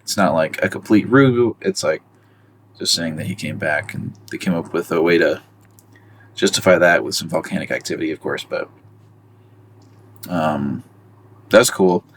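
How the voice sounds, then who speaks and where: A man co-hosts a podcast with a casual chat about movies, rambling and hesitant and full of fillers like "um" and "like." His voice is a low rumble at normal speed with long pauses, over slight background noise.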